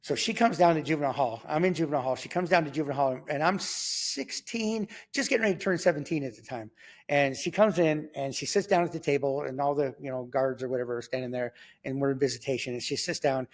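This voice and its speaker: A man, telling his life story in a casual, animated way, acting out quotes and laughing as he goes. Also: medium pitch. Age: 50s. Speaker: guest telling his testimony. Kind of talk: conversational storytelling.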